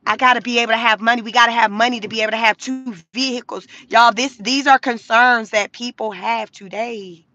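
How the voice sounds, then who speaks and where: A woman's voice: fairly high pitch, fairly even intonation, fairly quick, few pauses, sharp tone, no room sound. A woman vlogger delivering a blunt, profane, mocking commentary rant from inside a car.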